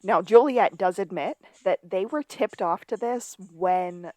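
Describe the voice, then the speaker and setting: A woman's voice: mid-range voice, measured pace, darkish tone, dry recording. A woman co-hosting a podcast, narrating an episode recap in casual chat. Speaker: podcast co-host.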